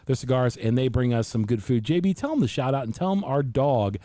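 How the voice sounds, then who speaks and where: A middle-aged man hosting a podcast, talking in quick, joking banter. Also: mid-range voice, expressive, warm tone. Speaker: podcast host. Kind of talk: casual chat.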